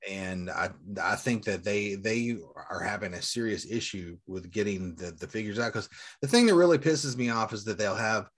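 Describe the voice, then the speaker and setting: A man in his forties who collects and sells toys tells rambling, profane stories in casual chat. His voice is lowish and his pace moderate, and the storytelling is animated.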